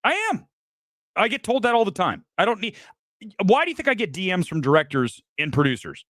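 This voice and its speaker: A man with a fairly high, swooping voice hosts a live film-reaction stream, ranting bluntly and with plenty of swearing. He boasts about his judgment and dares his viewers to disagree. The sound is dry and close. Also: expressive, fairly quick, a bit bright, dry recording. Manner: challenges viewers directly. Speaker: film critic host.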